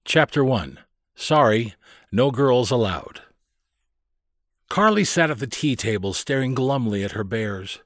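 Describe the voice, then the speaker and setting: A man narrating a children's storybook aloud with expressive, lively storytelling, close to the mic. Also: mid-range voice, moderate pace, dry recording. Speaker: audiobook narrator.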